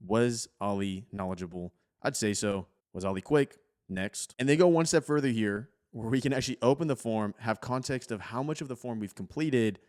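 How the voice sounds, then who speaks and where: A man hosting a casual screen-recording tech tutorial, talking in a relaxed, conversational way with plenty of "like". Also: medium pitch, moderate pace, hardly any pauses.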